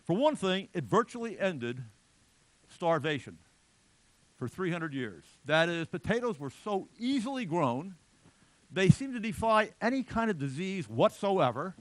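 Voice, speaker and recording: Middle-aged guy lecturing, bit high voice, jokey stories and asides, dry close sound. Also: big pitch swings, measured pace, no echo. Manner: conversational, humorous storytelling with asides. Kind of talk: lecture with anecdotes.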